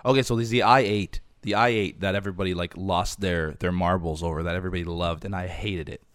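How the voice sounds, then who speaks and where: A man's voice: low voice, fairly even intonation, fast talker, fairly bright tone, clear, resonant tone, no room sound. A man hosting a podcast, chatting casually about cars and rambling a little with fillers. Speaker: podcast host. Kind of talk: casual car chat.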